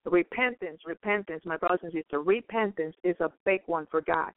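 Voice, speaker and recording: A woman giving an earnest preaching testimony, halting and repeating her words often. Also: lowish voice, no room sound. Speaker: guest speaker. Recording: tinny phone-like line.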